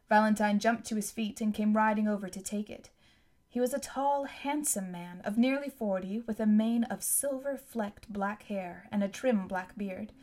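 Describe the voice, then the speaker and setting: A woman reading a novel aloud as narrator, in a steady, even storytelling manner. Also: medium pitch. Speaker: audiobook narrator. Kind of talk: scripted narration.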